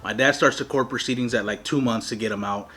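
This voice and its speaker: A man's voice: medium pitch, fast, husky. A young man hosting an eating show, telling a story casually and animatedly with lots of slang and swearing. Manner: profane, slangy, animated retelling. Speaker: mukbang host.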